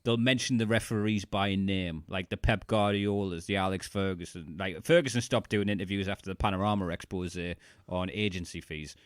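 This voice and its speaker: A man's voice: low-pitched, brisk, hardly any pauses, clear, resonant tone, no room sound, clean studio sound. A man co-hosting a casual podcast chat, blunt and swearing freely. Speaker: podcast co-host.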